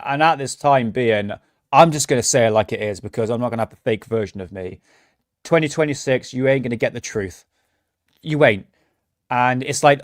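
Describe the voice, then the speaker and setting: A man's voice: mid-range voice, no room sound, studio quality. A man hosting a casual livestream, talking bluntly and ranting, swearing freely. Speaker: livestream host.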